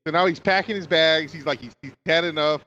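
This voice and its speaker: A man guesting on a podcast, retelling film moments in an animated, laughing way over a dull echoey mic. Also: fairly high pitch, a little fast. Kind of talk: casual film chat.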